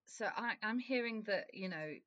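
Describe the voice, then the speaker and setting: A woman's voice: medium pitch, animated, normal speed, fairly bright tone, no echo. A young woman in her twenties from Wales, chatting on a podcast, laughing often and swearing casually. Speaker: podcast co-host.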